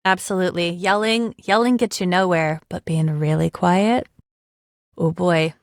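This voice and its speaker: Chatty woman, low-pitched. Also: fairly even intonation, measured pace, dry recording, studio quality. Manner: chatty, with many fillers. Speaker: speech-language pathologist and podcast co-host. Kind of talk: casual chat.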